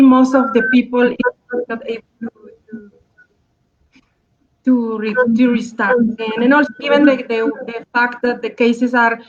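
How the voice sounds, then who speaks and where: A fairly high-voiced woman from Colombia speaks English with a strong Spanish accent, pausing and restarting often as she searches for words. Her voice comes through dull, lo-fi video call audio. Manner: hesitant, many restarts and fillers. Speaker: guest dancer. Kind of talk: live online talk.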